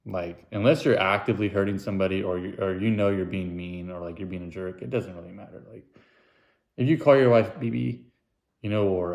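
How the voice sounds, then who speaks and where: A young man talks through a loose solo podcast in a slightly low voice, rambling from one thought to the next. He mocks himself, takes his own jokes back, and slips into goofy high-pitched voices whenever he quotes someone. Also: steady tone, brisk, creaky, a little mellow. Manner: rambling, self-mocking, jokey asides; puts on silly high voices when quoting. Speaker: podcast host. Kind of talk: casual solo podcast monologue.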